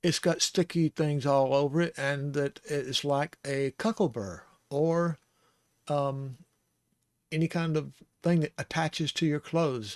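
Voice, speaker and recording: A man teaching the Hebrew alphabet in a casual, rambling way, sounding out syllables slowly and chuckling now and then. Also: fairly high pitch, no room sound, studio quality. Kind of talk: casual lesson.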